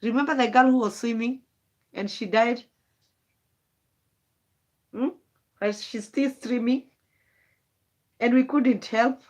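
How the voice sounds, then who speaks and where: A woman's voice: on the high side, steady tone, slow pace, pauses often, a little mellow. A rambling woman. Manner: rambling, emotional, wandering thoughts. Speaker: vlogger. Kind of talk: late-night live stream monologue.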